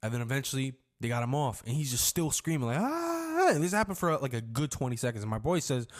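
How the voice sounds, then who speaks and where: A young man talks through a story time in a loose, rambling way, full of slang and cursing. His voice sits at an ordinary middle pitch. Now and then he breaks into loud, acted-out shouts when quoting people. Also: quick pace. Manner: rambling, slangy, swearing freely. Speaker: storyteller vlogger.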